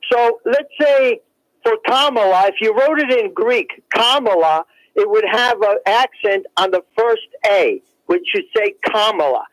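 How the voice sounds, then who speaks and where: A man's voice: sits high, measured pace, a bit bright, no echo, rough recording. A man calling in to a radio talk show, teasing and needling the host. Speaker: caller. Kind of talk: call-in radio chat.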